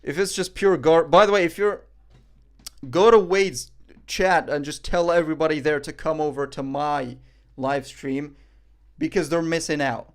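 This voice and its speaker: A man's voice: on the high side, fairly even intonation, normal speed. A man streaming live, reacting in casual chat; cocky, joking, profane and rambling.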